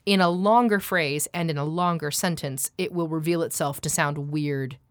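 This deep-voiced woman, a trained actor and accent coach, chats animatedly, laughs easily, and demonstrates sounds while explaining them. The recording is dry.

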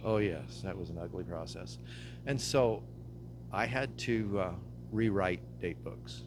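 A man's voice: low voice, unhurried. An older man, a pastor, talking casually in an interview, easygoing and laughing often. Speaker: pastor guest. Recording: audible background hum.

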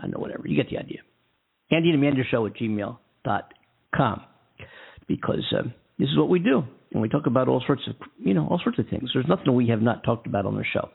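Gravelly husky man on a tinny line. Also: medium pitch, expressive, fast talker. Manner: rambling, enthusiastic, many fillers and restarts. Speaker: podcast host. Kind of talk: casual solo podcast chat. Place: California.

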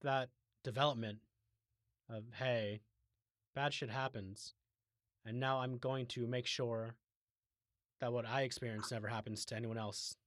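A man co-hosting a podcast, chatting casually in a relaxed, opinionated way and steering the show along. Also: medium pitch, unhurried, long pauses, no echo, studio quality. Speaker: podcast co-host.

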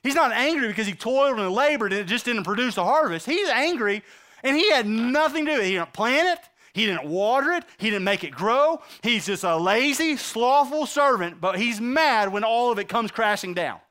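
A man preaching a sermon, acting out the quotes he reads and swinging between loud outbursts and hushed lines. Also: very high voice, lively intonation, moderate pace.

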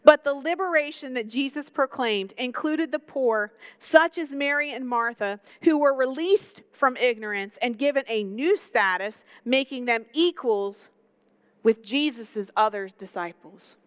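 Young woman preacher, high voice, dry and close, chatty and animated delivery with lots of questions to the crowd. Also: a little slow, clean tone, no echo, highs cut off. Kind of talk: sermon.

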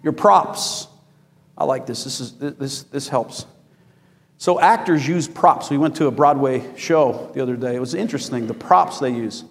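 A man preaching a sermon to his congregation, animated and rising to shouts as he asks for amens. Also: mid-range voice, moderate pace, creaky, long reverb tail. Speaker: pastor. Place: church.

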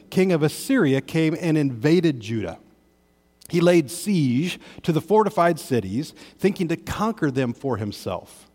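Male pastor, mid pitch, chatty sermon delivery with asides, church room with long reverb. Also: a little mellow. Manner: conversational preaching with varied emphasis, asides to the congregation. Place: church sanctuary.

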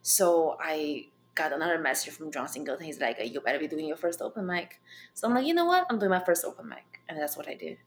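A woman stand-up comedian and club owner with a non-native accent, answering interview questions bluntly and with animated storytelling. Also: low-pitched, fast, slight background noise. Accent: non-native English accent.

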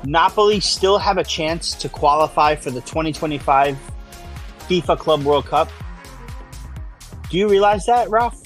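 A man's voice: on the high side, unhurried, long pauses, soft background music. A man co-hosting a sports podcast, ranting in casual chat and repeating himself for emphasis. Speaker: podcast co-host.

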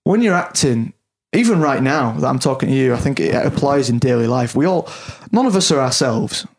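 A man's voice: medium pitch, animated, fairly quick, gravelly. A man in casual conversation, candid and self-deprecating, swearing freely and restarting his sentences often. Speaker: podcast guest. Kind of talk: casual chat.

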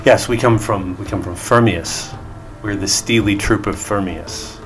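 A man's voice: lowish voice, measured pace, over music, close to an everyday voice. A man voicing a flamboyant, flowery gnome bard. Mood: courteous. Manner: effusive, apologetic, flowery courtesy. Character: flamboyant male gnome bard, theatrical and flattering.

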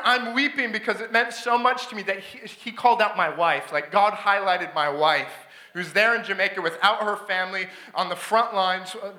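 Guy preaching in a church, really bright high voice, keeps restarting, room echo. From Canada. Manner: excited storytelling, many restarts, laughs often. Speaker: guest preacher. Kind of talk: sermon. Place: church sanctuary.

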